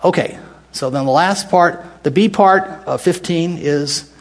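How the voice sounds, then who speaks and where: Older american man, Bible study teacher, slightly high voice, chatty, stops and restarts. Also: a little slow. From United States. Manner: conversational, restarts often, asks the group questions. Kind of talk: casual Bible teaching to a group.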